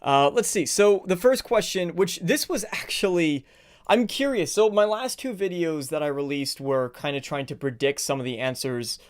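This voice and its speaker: A man's voice: fairly high pitch, moderate pace, smooth. A man casually chatting on a live stream, greeting viewers and rambling a little while he sets things up, slightly out of breath.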